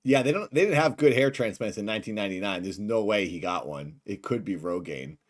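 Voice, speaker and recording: Excitable male streamer. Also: on the low side, a little fast. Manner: excitable, bursts into shouts. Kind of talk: livestream reaction commentary.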